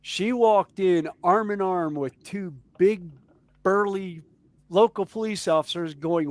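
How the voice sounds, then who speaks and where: A man with a Southern US accent telling stories in a casual chat, animated and chuckling as he goes. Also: high voice, slow pace, no echo. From Southern United States. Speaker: podcast co-host.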